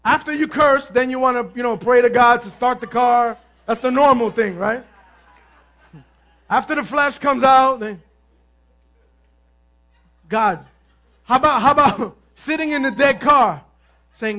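A male pastor preaching a sermon, telling stories with lively energy, calling out to the congregation and sometimes shouting. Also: very high-pitched, measured pace, long pauses. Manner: animated storytelling, asks the crowd "amen?", bursts of shouting.

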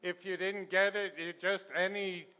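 A man's voice: high voice, little pitch movement, a little slow, sharp tone. A male pastor with a New York accent, giving direct instructions to the congregation before communion. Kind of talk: sermon, leading communion. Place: church sanctuary. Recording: long hall reverb in church.

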